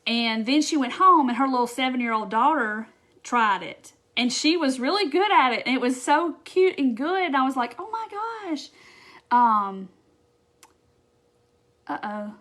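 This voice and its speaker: A woman's voice: sits high, lively intonation, normal speed, a bit bright. Bubbly woman chatting on a craft stream. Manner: chatty and bubbly, with frequent fillers and quoted asides. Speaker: craft live-stream host. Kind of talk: casual live-stream chat, reading viewer comments.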